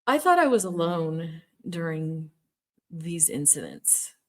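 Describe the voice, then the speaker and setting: A woman's voice: sits low, sing-song, slow, darkish tone. A middle-aged woman telling a personal story in an earnest, emphatic way, repeating words for stress. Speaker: former Jehovah's Witness telling her story.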